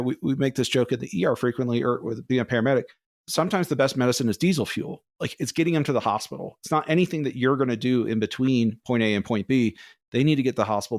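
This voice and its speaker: Man, podcast co-host, casual storytelling, animated, mid-pitched, dry sound. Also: no room sound. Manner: rambling, animated, acts out quoted voices.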